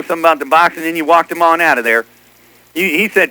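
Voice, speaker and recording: A man's voice: fairly high pitch, quick pace, vocal fry, sharp tone, a little hiss or hum, rough recording. A man chatting casually as a CB radio operator, teasing others and repeating what they said on air.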